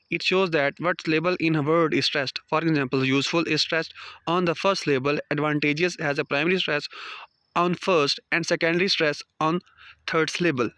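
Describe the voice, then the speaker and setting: Bright, crisp male lecturer reading notes. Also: on the high side, dry recording. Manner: reads out numbered points, non-native phrasing. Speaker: teacher. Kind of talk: read-aloud lecture.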